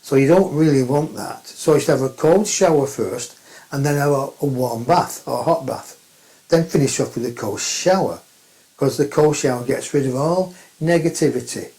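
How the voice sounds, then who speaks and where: Casting: male spiritual teacher, direct and emphatic, repeats his points, mellow tone. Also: mid-range voice, moderate pace, poor audio. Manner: plain-spoken, emphatic, repeats phrases. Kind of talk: spiritual talk to camera.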